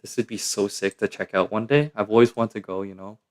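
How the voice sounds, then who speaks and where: A man's voice: lowish voice, steady tone, fairly quick. A young man from Canada, chatting casually and slangily to his live-stream chat.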